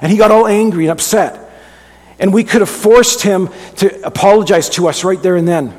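A man's voice: high-pitched, normal speed, a little mellow. Earnest middle-aged man preaching in a hall. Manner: earnest, conversational with frequent restarts. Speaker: pastor. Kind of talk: sermon. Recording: long hall reverb.

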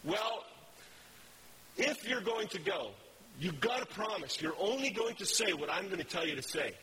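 A man voicing the Lord setting conditions in a retold story, measured and a little raised. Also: high-pitched, expressive, long reverb tail, noisy background. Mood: stern. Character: the Lord, an older male voice setting terms.

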